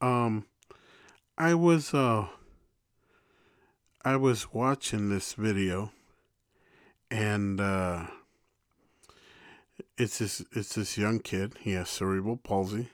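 Low-voiced man musing at length. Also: slow, pauses often, no room sound, studio quality. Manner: reflective, rambling, many restarts and "you know". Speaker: podcast co-host. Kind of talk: casual podcast conversation.

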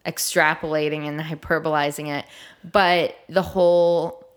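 A woman's voice: low voice, little pitch movement, measured pace, clean tone. A young woman in her twenties co-hosting a casual podcast, slightly nasal, chatty and giggly, often trailing off mid-thought. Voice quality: a little nasal. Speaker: podcast co-host.

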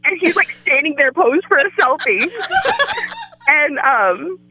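A woman's voice: high-pitched, lively intonation, a little slow, crowd noise, poor audio. A woman guest on a podcast, telling a story in casual chat and acting out the quoted voices.

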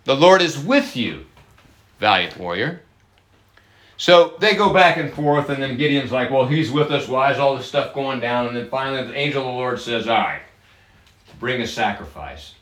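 A man preaching a sermon, lively and chatty with his congregation, slowing down to stress key words and laughing often. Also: medium pitch, roomy sound. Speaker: pastor.

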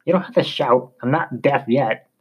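A man's voice: medium pitch, normal speed, husky, lo-fi sound, close to an everyday voice. A man voicing a grizzled, grumpy old French sea captain with a thick French accent, curt and mocking. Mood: gruff.

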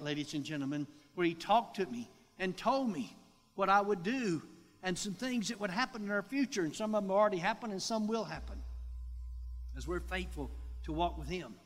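A man, a pastor giving a sermon testimony, telling his story in an animated way and acting out the voices he quotes. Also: high-pitched. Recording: long hall reverb.

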